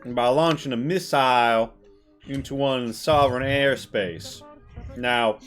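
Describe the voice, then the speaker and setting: Over soft background music, a game master with a medium-pitched, slightly bright voice speaks slowly as a folksy rural soldier in a tabletop game, a self-styled sovereign patriot. He drawls in a generic rural American hick accent, hesitating with many uhs, in an official mood.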